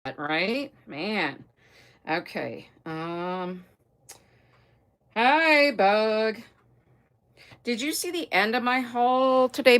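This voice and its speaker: A middle-aged woman chatting casually on a live stream, greeting viewers by name and trailing off with fillers. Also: mid-range voice. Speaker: livestream host.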